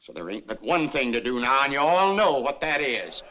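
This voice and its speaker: A man's voice: mid-range voice, big pitch swings, normal speed, natural voice. An actor playing an indignant older townsman. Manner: reproachful, emphatic. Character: indignant older male townsman shaming neighbours. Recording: lo-fi 1950s film soundtrack.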